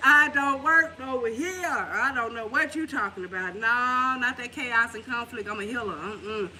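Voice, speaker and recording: A woman's voice: on the high side, normal speed. A woman giving a casual tarot reading at home, talking in a loose, rambling way with plenty of swearing and laughter. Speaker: tarot reader. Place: room at home. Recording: noisy home recording.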